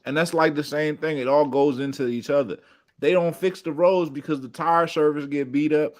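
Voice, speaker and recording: A man's voice: fairly high pitch, fairly even intonation, normal speed. A man on a casual sports podcast panel, rambling through joking conspiracy talk.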